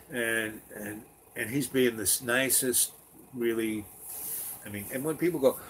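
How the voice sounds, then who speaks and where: A man's voice: mid-range voice, a little slow, long pauses, a little hiss or hum. A man telling a long personal story in a meandering, chatty way, full of fillers and restarts. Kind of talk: rambling personal anecdote.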